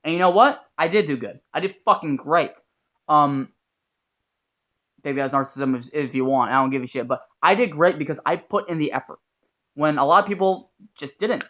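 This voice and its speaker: A man's voice: fairly high pitch, normal speed, a bit bright. A young man giving a blunt, profane, earnest motivational talk as a YouTuber. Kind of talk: motivational vlog monologue.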